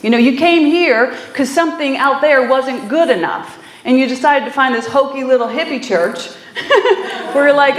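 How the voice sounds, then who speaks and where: A woman's voice: high voice, lively intonation, moderate pace. A woman minister giving a conversational sermon, telling stories with frequent fillers and easy laughter. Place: small church hall. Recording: echoey room.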